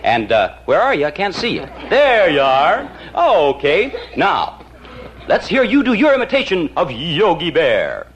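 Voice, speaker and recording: A man's voice: on the high side, wildly swooping pitch, unhurried, lo-fi sound, slight background noise. Jovial man hosting a kids' show. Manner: jovial, chuckling, coaxing. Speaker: TV show host. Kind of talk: hosting a live children's show.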